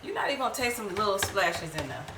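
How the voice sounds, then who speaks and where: A woman's voice: medium pitch, fast, distant mic. A woman bantering and teasing her husband casually in their kitchen. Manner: teasing, lively. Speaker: host's wife. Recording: echoey room, off-mic, loud noise.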